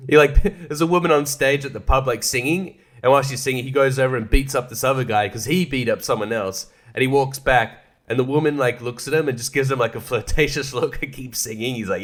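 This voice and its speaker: A man's voice: mid-range voice, normal speed, pauses often, fairly bright tone. A young man hosting a casual solo podcast, rambling, swearing a lot and laughing often. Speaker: podcast host.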